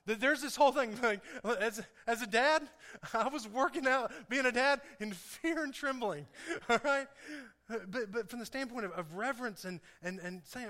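Man, pastor, high bright voice, playful sermon, laughs a lot. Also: normal speed. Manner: playful, laughing often, addresses congregation directly. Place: church sanctuary. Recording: echoey hall.

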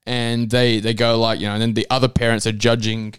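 This young man chats in loose, jokey banter as a podcast co-host, breaking into laughter easily. His voice comes through smooth and resonant. The sound is close and dry, with no room around it. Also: mid-range voice, level tone, fairly quick, a bit bright, no room sound. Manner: jokey, laughs often, drifts into silly accents. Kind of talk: casual banter.

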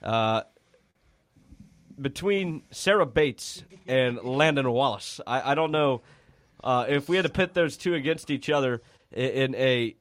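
Man, radio sports host, casual studio banter, restarts, mid pitch. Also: expressive, measured pace, no echo. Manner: rambling, joking, many restarts.

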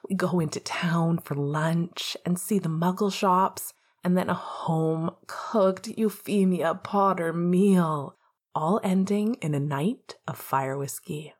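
A woman's voice: fairly low pitch, slow, breathy edge. A woman doing a brash teenage wizard boy. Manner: brash, playful, swearing.

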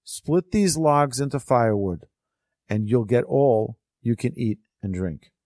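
A man's voice: medium pitch, lively intonation, a little slow, a little mellow, dry recording, close to an everyday voice. Man doing a sly cruel miser, curt, scheming, dry close voice.

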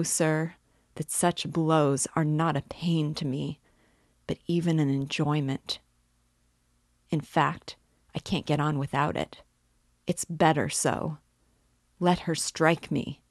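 A woman's voice: low-pitched, steady tone, slow, long pauses, no echo, studio quality. A woman reading the part of a drunken, despairing middle-aged male clerk in an audiobook, in a pleading, rambling manner.

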